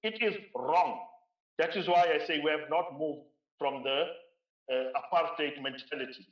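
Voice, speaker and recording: A South African man gives a conference keynote, emphatic and driving points home by repeating phrases. His voice is a little high at a moderate pace, and the recording sounds roomy, distant, dull, and lo-fi.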